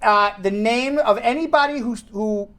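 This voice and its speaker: A man's voice: very high-pitched, moderate pace, a bit bright. Chatty joking male talk show host. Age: 40s. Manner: joking, chatty, reels off viewer names. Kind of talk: casual live-show chat.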